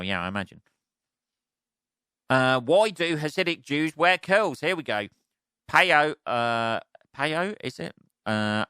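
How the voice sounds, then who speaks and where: An English man rambles through a solo podcast rant, cursing freely and mimicking the people he complains about. His voice is bright and forceful, with a crisp, clean tone. The sound is dry and close, with no room around it. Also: mid-range voice, no room sound. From England. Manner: sweary, rambling, mocking voices of others. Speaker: podcast host.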